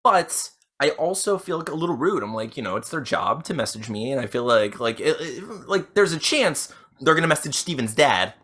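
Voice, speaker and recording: A man's voice: mid-range voice, very animated, moderate pace, hardly any pauses, a bit bright. A man co-hosting a comedy podcast, chatting casually in a rambling, giggly way. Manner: rambling, many restarts, giggly. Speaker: podcast co-host.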